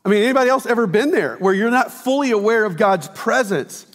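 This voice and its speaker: A man's voice: sits high, animated, brisk. A man preaching a sermon, telling stories in a chatty, self-deprecating way. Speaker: pastor. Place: church sanctuary. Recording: long reverb of a large hall.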